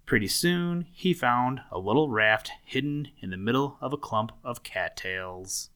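A man narrating a children's animal story aloud, gentle and storytelling, with dramatic swells. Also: mid-range voice, expressive, unhurried.

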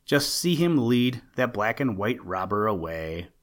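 A sly, cheerful mother bird from a storybook who keeps her secret with a knowing tease, as a man voices her. She talks slowly and lets each line linger. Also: lowish voice, big pitch swings. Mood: admiring. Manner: teasing, slow and knowing.

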